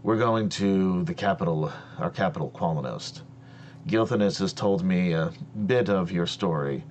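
A man's voice: deep voice, moderate pace, darkish tone, dull audio, a little hiss or hum, lightly acted. A man voicing a proud, by-the-book male elf prince who speaks in a formal, solemn way.

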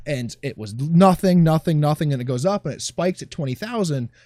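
A sarcastic man chatting casually on a podcast, swearing freely and breaking off his sentences. His voice sits a bit high and swings widely in pitch. The sound is dry and close. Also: lively intonation, brisk, dark tone, dry recording. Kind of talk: casual chat.

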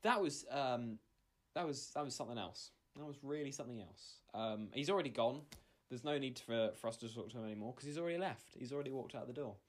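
A man's voice: mid-range voice, fast talker. A man hosting a casual comedy podcast, talking hesitantly with many ums and restarts. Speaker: podcast host.

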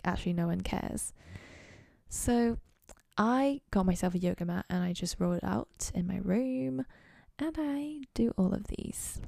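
A young woman chatting casually and rambling on her own show, self-mocking and drifting into soft whispery asides. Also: mid-range voice, vocal fry, dry recording, studio quality. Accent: playful put-on accent. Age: young adult. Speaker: university student podcaster. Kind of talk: casual solo chat.

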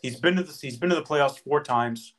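A man's voice: on the high side, fairly quick, fairly bright tone. Passionate man arguing sports. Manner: passionate, emphatic arguer. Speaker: podcast co-host. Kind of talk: casual sports debate.

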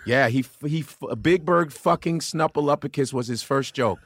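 A man guest on a podcast, a comedian telling profane, animated stories in casual chat and putting on voices of the people in them. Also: fairly high pitch, normal speed, dry recording.

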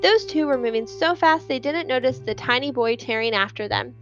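A woman narrating an audiobook in an expressive storytelling manner. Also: sits high, brisk, lo-fi sound, faint music behind. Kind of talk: scripted narration.

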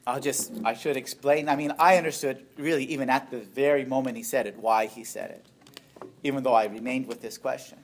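A middle-aged man, a priest, giving a storytelling witness talk, animated and playful as he acts out what others said. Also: fairly quick, a little hiss or hum. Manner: animated, acts out quoted voices with big pitch jumps.

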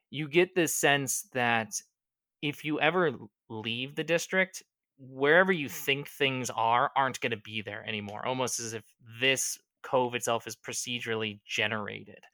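A man running a tabletop role-playing game as game master, describing scenes at an unhurried pace with frequent ums. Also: medium pitch, sharp tone, dry recording, clean studio sound.

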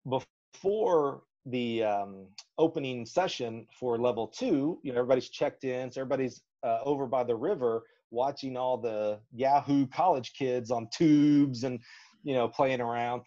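A man from Alabama, a track coach, spins a long story on a podcast in a folksy, animated way and acts out every quote. His voice sits mid-range, and the recording is slightly muffled and lo-fi. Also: medium pitch. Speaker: track and field coach, guest. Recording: slightly dull lo-fi audio.

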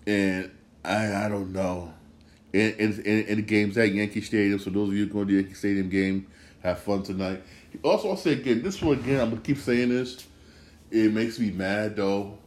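A man's voice: lowish voice, moderate pace, darkish tone, reverberant. A man hosting a casual sports podcast, rambling and repeating himself as he gets worked up. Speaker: podcast host.

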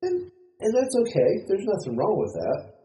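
A man's voice: high voice, wildly swooping pitch, moderate pace, dark tone, low-quality recording. A man in a podcast talk reflecting on faith and peace in a loose, rambling way, often restarting sentences and acting out quoted voices. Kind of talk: casual spoken reflection on scripture.

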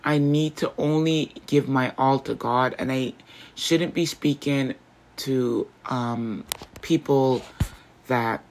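A woman's voice: very deep voice, slow, darkish tone, slight background noise. A woman hosting a faith podcast, talking in an earnest, rambling way and often correcting herself mid-sentence. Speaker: podcast host.

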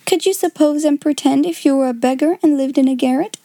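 A woman's voice: sits high, brisk, mellow, no room sound, voice pushed up. A woman voicing a jealous, superior older schoolgirl with a haughty, sneering tone.

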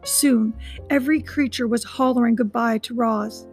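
A woman's voice: a little high, fairly even intonation, moderate pace, a little mellow, soft background music, low-quality recording. Woman reading a children's story aloud. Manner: chatty asides to listeners. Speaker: reader of a children's novel.

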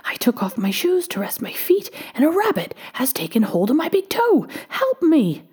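A woman voicing a tiny, mischievous male leprechaun with a high, shrill voice in a storybook reading. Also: huge pitch swings, normal speed, a little mellow. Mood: frantic.

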